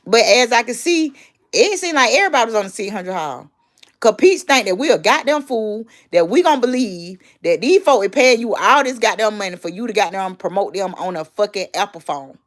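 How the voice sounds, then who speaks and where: A woman's voice: mid-range voice, a little fast. Blunt, profane woman livestreaming. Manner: blunt, profane, loudly animated. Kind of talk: casual livestream gossip commentary.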